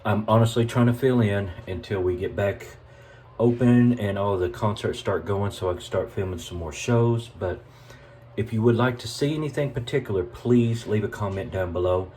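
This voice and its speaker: A chatty Southern US man hosts a relaxed cooking video in his home kitchen, talking to his viewers like old friends. His voice sits a little low and sounds mellow and warm. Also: moderate pace, slight background noise. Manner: folksy, chatty, addresses viewers as y'all. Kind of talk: casual cooking vlog.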